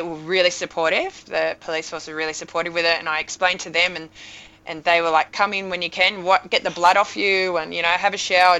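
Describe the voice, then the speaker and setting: A woman in her thirties, a podcast guest telling an emotional story in a lively, animated way. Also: lowish voice, muffled recording. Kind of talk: casual storytelling.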